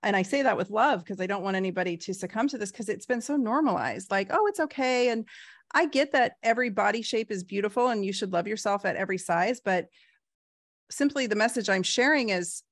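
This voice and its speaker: A woman in her forties talks with frank, lively energy, punching points with emphatic bursts and easy laughs. Her voice sits in a middle register, and the sound is dry and close with no room around it. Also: medium pitch, a little fast, dry recording. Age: 40s. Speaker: guest doctor. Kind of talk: casual interview talk.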